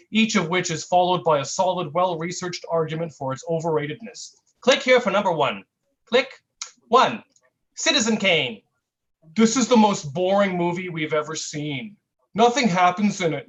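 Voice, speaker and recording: A man at an online open mic, reading a comic piece in a mock-earnest, satirical way and drawing out his deadpan asides. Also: sits high, rough recording. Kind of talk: comic spoken-word reading.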